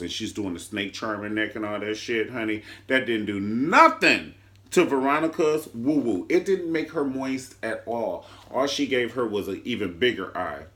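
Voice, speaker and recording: A man reviewing a TV drama in a casual vlog, sassy and flamboyant, leaping up and down in pitch for emphasis. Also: lively intonation, normal speed, a bit bright. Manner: leaps between high and low pitch for emphasis. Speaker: TV show reviewer.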